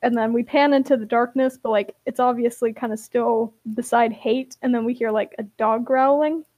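A young woman hosting a podcast, recapping a story in an animated, giggly way. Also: on the high side, normal speed. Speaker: podcast host. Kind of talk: casual chat.

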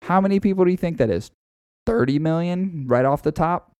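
A man's voice: fairly high pitch, lively intonation, brisk, a little mellow, clean tone, dry recording. A man hosting a casual podcast, rambling and swearing freely and often breaking into laughter. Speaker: podcast host.

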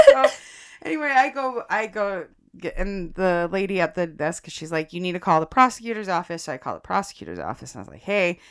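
A woman's voice: mid-range voice, normal speed. Chatty woman podcast host telling a story. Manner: chatty, animated storyteller who laughs often and addresses listeners as guys. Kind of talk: casual chat, telling a personal story.

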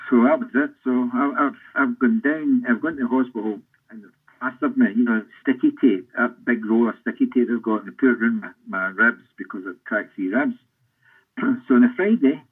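An older Scottish man, a former footballer, telling rambling anecdotes in an interview with a husky voice. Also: fairly low pitch. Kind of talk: storytelling interview. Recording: tinny phone-like line.

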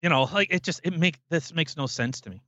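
A man's voice: fairly high pitch, fairly quick, pushed and bright, no echo, lo-fi sound. A man co-hosting a podcast, ranting emphatically and swearing freely in casual chat. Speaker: podcast co-host.

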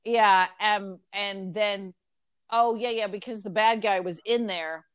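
A woman's voice: mid-range voice, slow, clear, resonant tone, dry recording, muffled recording. A woman casually retelling a story in conversation, acting out the characters' lines with lots of ums. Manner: animated retelling with quoted voices, frequent ums.

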